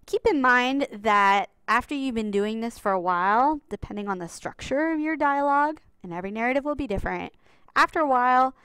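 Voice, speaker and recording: A woman's voice: medium pitch, fairly bright tone, smooth, no room sound. A woman teaching a writing lesson, patient and explanatory, stressing the key rules as she walks through examples. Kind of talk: classroom writing lesson over slides.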